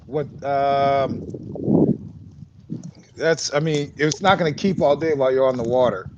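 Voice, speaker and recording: A relaxed man with a middle-pitched voice who gives calm fishing advice and chuckles often. His voice comes through dull and lo-fi, with noise clearly present behind it. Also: measured pace. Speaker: host angler. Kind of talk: casual chat while fishing. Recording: dull lo-fi sound with steady noise.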